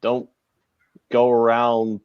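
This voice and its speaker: A man's voice: medium pitch, completely flat delivery, takes it slowly, smooth, dry recording, lo-fi sound. A man hosting a casual live sports betting podcast, talking in a brash, profane, rambling way. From United States. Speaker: podcast host.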